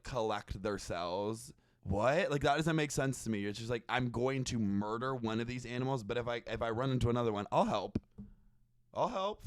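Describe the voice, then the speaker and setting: A young man hosts a comedic podcast in a loose, gossipy way, tossing out sarcastic and profane asides. His voice is smooth and resonant, and the sound is close and dry. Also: medium pitch, no room sound. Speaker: podcast host. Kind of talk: casual comedic chat.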